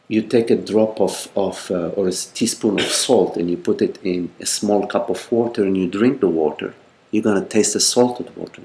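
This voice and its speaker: Older male spiritual teacher, low and gravelly, gentle and halting, repeats "you see.". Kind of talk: meditative Q&A talk.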